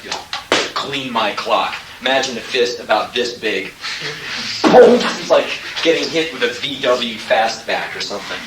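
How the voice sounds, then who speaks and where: A young man performing live spoken word, telling stories in an intense, profane, animated way with sudden loud bursts. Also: medium pitch. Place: live venue with audience. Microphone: distant audience recorder. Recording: echoey hall, distant audience cassette with hiss. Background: audience laughter and tape noise.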